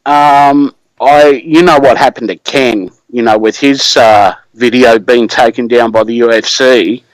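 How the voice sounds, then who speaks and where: A man's voice: medium pitch, fairly even intonation, unhurried, dry recording, low-quality recording. A man with an Australian accent, calling in to a live show for a casual chat and swearing freely in laid-back slang. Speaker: caller.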